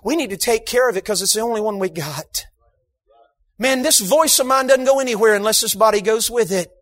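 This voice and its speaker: A man preaching a sermon in a church, emphatic, bursting into shouts for emphasis and slipping in humorous asides. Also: high voice, a little fast. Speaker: guest preacher. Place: church sanctuary.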